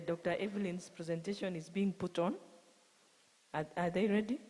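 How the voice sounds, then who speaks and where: A Kenyan woman with a Kalenjin accent moderating a conference question session, halting with frequent restarts. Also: on the low side, a little mellow. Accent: Kenyan English, Kalenjin. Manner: halting, many restarts and fillers. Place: university conference hall. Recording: long reverb of a conference hall.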